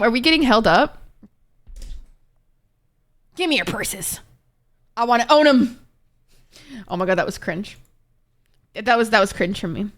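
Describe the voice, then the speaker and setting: A young woman streamer chatting casually with her viewers, expressive and talkative, swearing freely. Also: on the high side. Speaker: Twitch streamer. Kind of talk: casual livestream chat with viewers.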